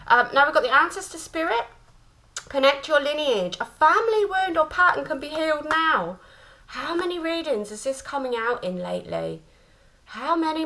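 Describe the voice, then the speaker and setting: A woman's voice: high voice, sharp tone, low-quality recording. A woman giving a chatty spiritual card reading to camera, affectionate and given to laughter. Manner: chatty and affectionate, repeats "my lovelies" and "okay?", laughs often. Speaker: tarot card reader.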